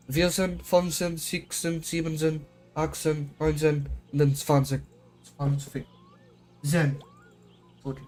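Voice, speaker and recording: A man's voice: a little high, darkish tone. Rambling American man streaming a game. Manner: rambling, self-questioning, trying out German words. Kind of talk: casual live-stream chat.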